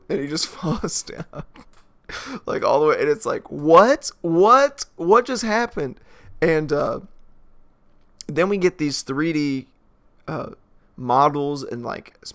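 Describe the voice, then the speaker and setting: Man, mid-pitched, rambling film-review chat, filler-heavy, chuckling. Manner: rambling, many filler likes, laughs as he talks. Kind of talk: casual spoken movie review.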